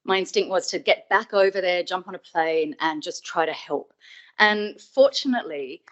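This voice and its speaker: A woman's voice: on the low side, normal speed, highs cut off. A middle-aged woman from Australia giving a webinar talk, telling a personal story in a conversational, reflective way and stressing quoted remarks. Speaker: webinar speaker.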